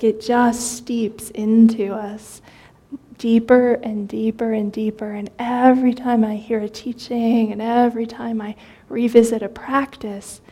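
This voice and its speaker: Soft, breathy woman giving a dharma talk. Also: a little high. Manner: gentle, conversational, with many fillers and restarts. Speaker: meditation teacher.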